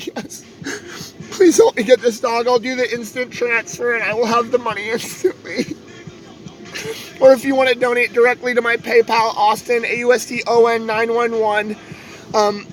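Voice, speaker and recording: High-voiced young man rambling earnestly. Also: a little hiss or hum, low-quality recording. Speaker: live streamer. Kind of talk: casual live-stream talk.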